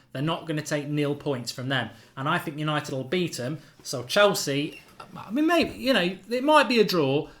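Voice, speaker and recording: A man hosting a football fan channel, giving opinionated predictions in casual live-stream chat, animated and full of fillers. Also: on the high side.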